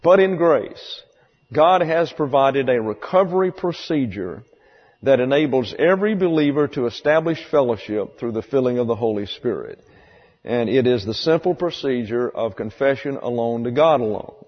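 A man's voice: medium pitch, normal speed. Man preaching in a reverberant hall. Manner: conversational, repeats key phrases for emphasis. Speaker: pastor. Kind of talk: sermon. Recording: dull lo-fi sound with long hall reverb.

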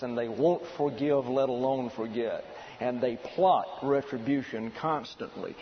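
A man's voice: medium pitch, a little hiss or hum. Emphatic male preacher, dull recording. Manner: deliberate, emphatic preaching with numbered points. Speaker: pastor. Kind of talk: sermon.

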